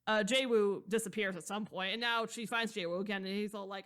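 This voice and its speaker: A woman's voice: medium pitch, fairly quick, few pauses. A woman co-hosting a podcast, recapping a novel in a loose, rambling way with plenty of fillers and casual swearing. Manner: rambling, loose and profane, heavy on fillers like "blah, blah". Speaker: podcast co-host. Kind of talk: casual chat recapping a book.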